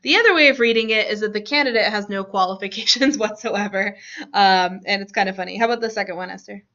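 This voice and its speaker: A woman's voice: mid-range voice, fast, fairly bright tone. A woman teacher leading a classroom lesson, asking students questions and laughing often. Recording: dull lo-fi classroom recording.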